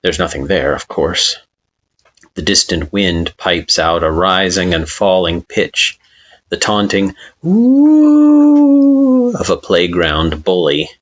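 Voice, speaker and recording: A man reading a fan-fiction story aloud with slow, expressive narration. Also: low-pitched, dull audio. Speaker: story reader.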